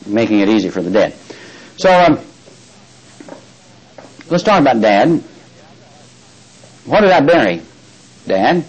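A man's voice: mid-range voice, husky, poor audio. An older man preaching a folksy sermon, often asking his listeners questions and reading scripture aloud. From Texas.

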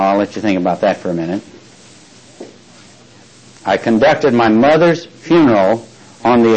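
A man's voice: lowish voice, a little mellow, husky, poor audio. An older man preaching a folksy sermon, often asking his listeners questions and reading scripture aloud. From Texas.

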